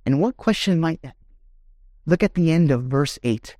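A man's voice: on the high side, animated, moderate pace, a little mellow, dry recording, studio quality. A man preaching a sermon as pastor, reading scripture and rising to emphatic questions.

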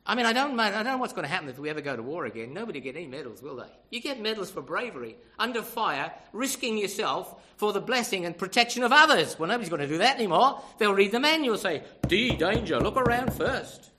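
A man's voice: sits high, very animated, fast, few pauses, sharp tone. An older man preaching a sermon, emphatic and conversational, often asking the congregation rhetorical questions.

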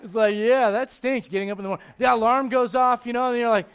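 High-voiced joking pastor preaching. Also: male voice, fast talker, smooth. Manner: animated, joking, acts out voices. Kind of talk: sermon.

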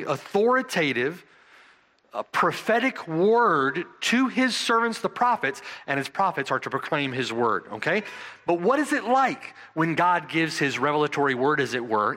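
A man preaching an expository sermon, stressing key words slowly and dramatically and asking his listeners "right?". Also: a little high, sing-song, sharp tone. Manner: asks the congregation rhetorical "right?".

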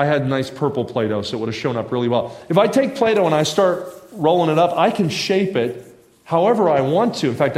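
A man's voice: a little high, darkish tone. A man preaching a sermon in a church, telling stories in a folksy, humorous way with asides to the congregation. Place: church sanctuary. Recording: echoey church room.

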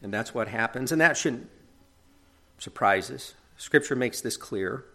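A man's voice: mid-range voice, animated, unhurried, vocal fry, bright, forceful tone. A middle-aged man preaching a sermon in an earnest, conversational way, often checking in with tag questions.

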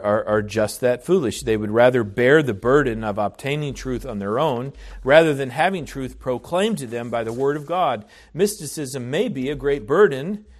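Earnest male preacher, mid-pitched. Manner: earnest, deliberate, often restarts his phrases. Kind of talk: sermon.

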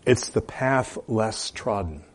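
A man preaching a sermon as pastor, with emphatic stresses, quiet asides and hesitant fillers between phrases. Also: on the low side, expressive, slow, a little hiss or hum.

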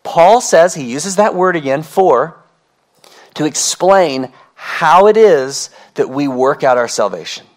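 Earnest pastor preaching, a man with a fairly high voice. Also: lively intonation. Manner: earnest and emphatic, repeating key phrases, pace swinging between drawn-out and quick. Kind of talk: sermon.

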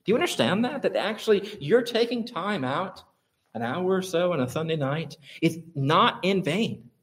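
A man preaching a sermon, building to high, emphatic peaks and repeating phrases for stress. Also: expressive, a little slow. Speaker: pastor.

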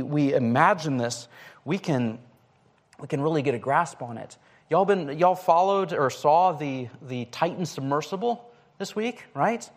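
A man preaching a conversational sermon, speaking casually with frequent fillers and restarts. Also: on the high side.

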